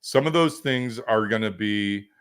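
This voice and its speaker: A man's voice: lowish voice, measured pace, a bit bright, clear, resonant tone. Man coaching off the cuff on a livestream. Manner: casual, rambling, filler-heavy with joking asides. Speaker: business coach hosting a livestream.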